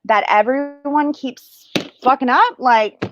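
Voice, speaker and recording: Slow, rambling woman on a lo-fi stream. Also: high-pitched, a bit bright. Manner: crass, joking, scattered, loses her train of thought; slow, drawn-out teaching delivery. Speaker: spiritual livestream host. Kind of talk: rambling casual livestream chat.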